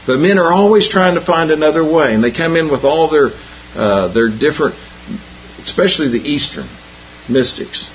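A man's voice: fairly high pitch, expressive, normal speed, a little hiss or hum. A man preaching a folksy Bible lesson, repeating and restarting phrases and telling homespun jokes, on a dull lo-fi recording. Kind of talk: folksy sermon.

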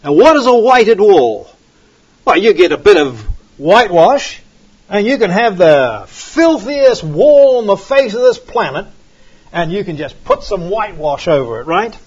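A man preaching a Bible study with emphatic, repeated phrases, swinging between loud and soft, from outside the United States. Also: high voice, sing-song, unhurried, husky. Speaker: Bible teacher. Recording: dull lo-fi recording.

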